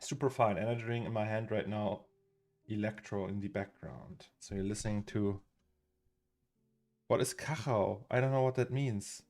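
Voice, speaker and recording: On a casual live stream, a man in his thirties from Germany rambles, reads out names from chat and chuckles a lot. He speaks at a moderate pace in a fairly low, slightly mellow voice with a steady tone. He's in a home studio, and faint music sits in the background.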